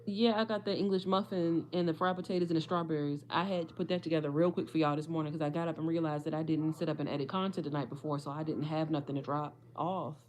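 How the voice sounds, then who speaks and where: A young woman, chatting casually with viewers on a livestream, her voice a little hoarse. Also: sits low, steady tone, quick pace, few pauses, darkish tone. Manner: chatty, addresses viewers as y'all. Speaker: livestream host.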